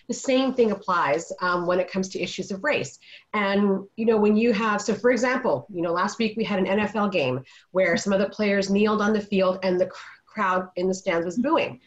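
A woman's voice: mid-range voice, normal speed. A middle-aged woman on a video call, telling a parenting story in an earnest, casual way. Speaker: panelist. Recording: dull lo-fi video call audio.

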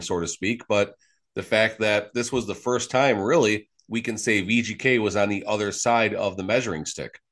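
A man's voice: fairly low pitch, fairly bright tone. A man co-hosting a sports podcast in casual chat, rambling with many fillers and restarts. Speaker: podcast co-host.

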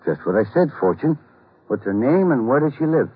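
Brief: menacing store Santa, husky and lively in pitch, thin tinny old radio sound. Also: male voice, fairly quick. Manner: menacing, insistent. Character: menacing male store Santa, brawny, threatening.

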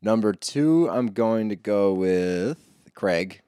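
A man's voice: fairly low pitch, lively intonation, slow pace, dark tone, smooth, no room sound, clean studio sound. A man co-hosting a podcast, teasing his partner and steering the casual reality TV chat back on track. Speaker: podcast co-host.

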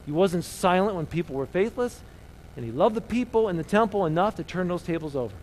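A middle-aged man preaching a sermon as pastor, swinging between loud emphasis and soft, hushed lines. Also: high voice, expressive, brisk, slight background noise, rough recording.

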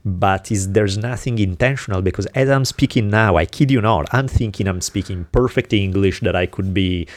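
A man from Italy with an Italian accent, chatting casually as a podcast co-host, telling animated stories and swearing freely. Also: lowish voice, normal speed, no room sound. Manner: animated storytelling, acting out exasperated dialogue. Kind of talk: casual chat.

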